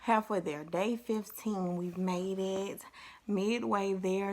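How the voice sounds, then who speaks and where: A young woman speaks in a relaxed, chatty devotional style, playful and encouraging. Her voice sits at an ordinary pitch and often drops into a gravelly fry. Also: moderate pace. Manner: chatty, upbeat, playful asides with laughs. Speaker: faith vlogger. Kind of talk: casual devotional talk.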